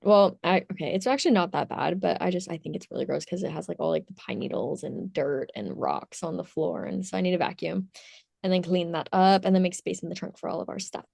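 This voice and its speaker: A woman's voice: lowish voice, expressive, a little fast, gravelly, a little mellow, no echo, clean studio sound. A young woman co-hosting a podcast, chatting in a bubbly way and laughing often. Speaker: podcast co-host, youth leader. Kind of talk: casual chat. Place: home, on a call.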